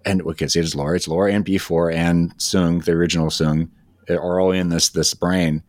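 A man co-hosting a podcast, talking casually and enthusiastically, with many halting restarts. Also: sits low, fairly even intonation, darkish tone, no room sound, clean studio sound. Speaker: podcast co-host. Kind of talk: casual chat.

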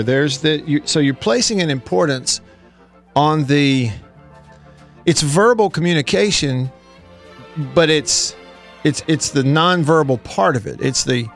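A man hosting a country radio show, chatting casually and rambling with a co-host, often laughing. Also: fairly high pitch. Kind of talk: casual on-air banter. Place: radio studio.

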